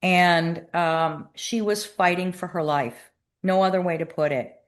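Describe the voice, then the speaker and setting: A woman guest and author speaking in a measured, thoughtful way in an interview. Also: on the low side, steady tone. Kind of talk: reflective interview talk.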